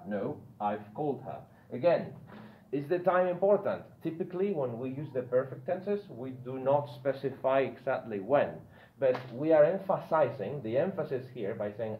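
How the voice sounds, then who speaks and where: Teacher with a tinny, echoey sound. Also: male voice, mid-range voice, a little hiss or hum. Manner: explains slowly, repeating and stressing words one by one; checks in with the listener often. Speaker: English teacher. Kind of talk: classroom grammar lesson.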